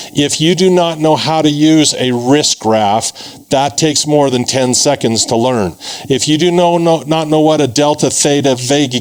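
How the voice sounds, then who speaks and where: A man leading a live investing class for a large audience, energetic and emphatic, with a motivational push. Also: fairly high pitch, poor audio. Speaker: investing instructor. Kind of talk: live seminar teaching.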